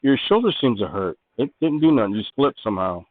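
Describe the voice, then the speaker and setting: A man narrating a tabletop game as game master, describing scenes in a measured way with small restarts. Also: mid-range voice, very animated. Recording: tinny online call audio.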